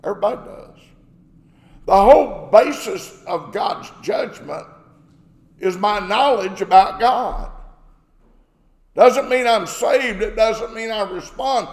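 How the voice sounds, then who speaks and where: High gravelly preacher guy, slow and emphatic, big echoey hall. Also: darkish tone. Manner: emphatic, rhetorical questions, acts out quoted dialogue. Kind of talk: sermon.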